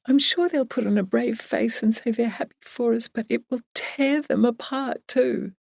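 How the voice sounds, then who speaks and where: A woman's voice: on the high side, moderate pace, vocal fry, darkish tone, no echo, studio quality, pitched above the performer's own voice. A woman reading a storybook, voicing an anxious, tender young woman in an emotional, pleading manner. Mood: distressed.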